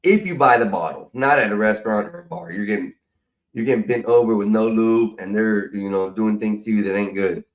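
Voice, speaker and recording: A middle-aged American man ranting casually on a live stream, profane and rambling, his voice jumping between loud bursts and mumbles. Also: fairly low pitch, fairly quick, poor audio. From United States.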